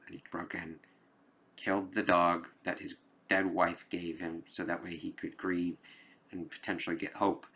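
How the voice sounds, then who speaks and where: A man with a low-pitched, bright, forceful voice reviews a movie out loud in a casual way. As a film reviewer, he rambles loosely, peppering his talk with "like" and "kind of" and occasionally swearing for emphasis.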